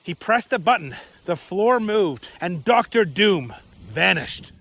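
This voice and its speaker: A man reading a children's adventure story aloud in an unhurried, expressive way. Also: high-pitched, creaky, dry recording.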